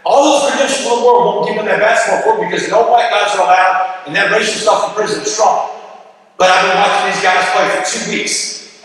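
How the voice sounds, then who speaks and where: A man from Texas telling an animated motivational story to a school audience. He keeps calling the crowd "y'all" and "man". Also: sits high. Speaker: motivational speaker. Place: school gym or auditorium. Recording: echoey hall from far off.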